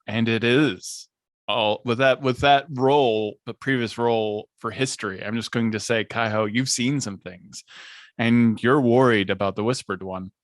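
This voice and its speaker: A man's voice: mid-range voice, no echo. Man narrating as dungeon master. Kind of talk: narrating a tabletop game.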